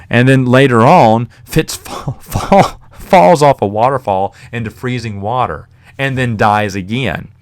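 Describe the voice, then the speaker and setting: A man's voice: medium pitch, measured pace, few pauses, smooth. A man hosting a podcast, casually reviewing a novel in a rambling, chatty way with fillers and the odd chuckle. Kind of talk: casual spoken book review.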